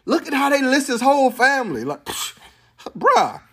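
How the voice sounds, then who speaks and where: A man preaching a sermon to a live congregation, animated and playful, mixing slang and laughter into his teaching. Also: very high-pitched, normal speed, husky. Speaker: pastor. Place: church sanctuary with congregation.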